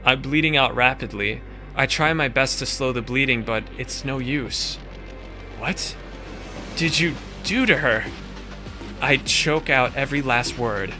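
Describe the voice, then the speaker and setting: A man's voice: mid-range voice, unhurried, sharp tone, soft background music. A man reading the first-person narration of a wounded young woman heroine in a visual novel game, in a weary, shaken manner. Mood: pained.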